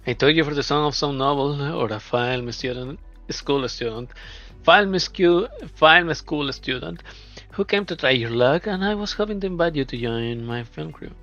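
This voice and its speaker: A man voicing a shrewd, flamboyant female film producer who talks in a smooth, probing, flattering way. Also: fairly high pitch, moderate pace. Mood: coaxing. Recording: dull lo-fi, faint music.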